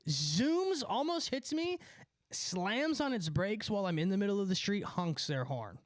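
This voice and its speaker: A man telling a profane, animated story on a live stream, a bit out of breath. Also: sits high, dry recording, clean studio sound. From California. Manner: animated, profane, jumps between story and asides.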